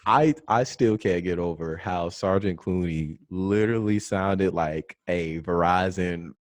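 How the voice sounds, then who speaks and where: A man's voice: low voice, unhurried, dry recording. A man hosting a casual group chat, joking and laughing often with his classmates. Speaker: podcast host.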